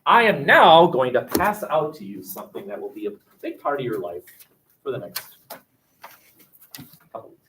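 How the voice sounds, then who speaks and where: A man teaches a class with a lively, swooping voice, joking and quizzing his students. He is picked up from across a roomy, echoing classroom. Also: medium pitch, normal speed, pauses often, background noise. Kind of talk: classroom lecture. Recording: echoey classroom from far off.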